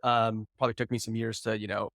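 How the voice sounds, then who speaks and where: Recorded dry at studio quality, this man speaks fast with a fairly low, somewhat bright voice and flat delivery. He's a founder in his thirties guesting on a podcast, storytelling loosely with frequent "like" and restarts.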